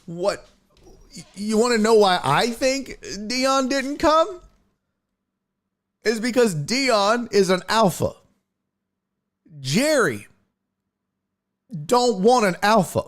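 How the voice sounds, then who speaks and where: A man's voice: high voice, expressive, slow, long pauses, a bit bright. A male sports talk host who rants bluntly and profanely about football. His voice swings widely up and down, and he takes his time, dragging his words out. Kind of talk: casual sports rant, live stream.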